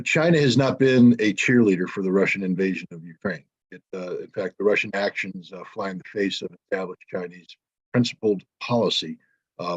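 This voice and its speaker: A man answering questions as a panel speaker at a press conference, measured and often pausing with fillers. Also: on the low side, slightly rough, highs cut off. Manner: measured, frequent filler hesitations.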